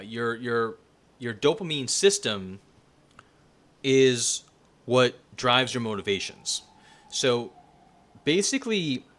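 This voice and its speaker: A man's voice: mid-range voice, fairly bright tone. A man giving a casual spoken lecture, talking loosely with plenty of fillers and restarts.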